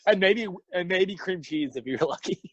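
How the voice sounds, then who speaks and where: A man's voice: sits high, animated, moderate pace, dry recording, muffled recording. A young man co-hosting a podcast, telling stories in a loose, laughing way and acting out other people's lines. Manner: loose, laughing storytelling with acted-out quotes. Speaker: podcast co-host. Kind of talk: casual chat.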